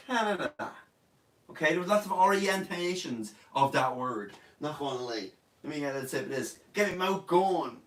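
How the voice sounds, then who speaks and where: A man's voice: fairly high pitch, expressive, normal speed, fairly bright tone. A young man with an Irish accent, sick in bed and hosting a casual live Q&A, joking and boasting as he reads out viewer comments. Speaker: online comedian hosting a live Q&A. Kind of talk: casual live-stream chat. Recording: roomy sound, distant from mic.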